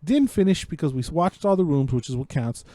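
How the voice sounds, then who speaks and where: A man co-hosting a podcast, telling a story in casual, profanity-heavy chat that keeps building in excitement. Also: on the high side, a little fast, no echo. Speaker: podcast co-host. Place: home podcast setup.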